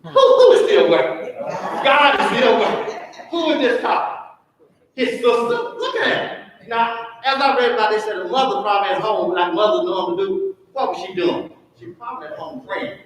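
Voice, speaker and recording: A man's voice: high voice, a little fast, fairly bright tone. Guy teaching sunday school, asks the class questions, far off in an echoey church. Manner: call-and-response questioning. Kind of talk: church Bible lesson.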